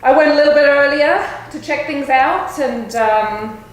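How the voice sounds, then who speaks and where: A woman's voice: high-pitched, measured pace. A woman co-hosting a pub talk show, upbeat and casual with um fillers. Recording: very echoey pub with faint noise.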